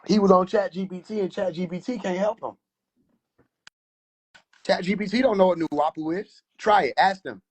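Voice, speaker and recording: Man, high-pitched voice, livestream host, casual mocking rant, boisterous. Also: normal speed, pauses often, darkish tone, husky. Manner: boisterous and mocking, laughs often.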